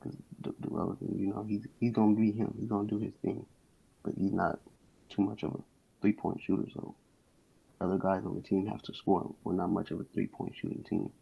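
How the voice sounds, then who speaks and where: A man from Denver calls in with a gravelly, husky voice and mumbles his answers softly. The call comes through dull and muffled. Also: deep voice, little pitch movement, a little fast. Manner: mumbling, soft-spoken. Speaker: caller.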